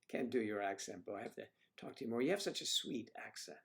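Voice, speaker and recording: A man's voice: medium pitch, quick pace, few pauses. A middle-aged man hosting a casual livestream, joking and chatting with viewers and reading out their comments. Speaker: livestream host.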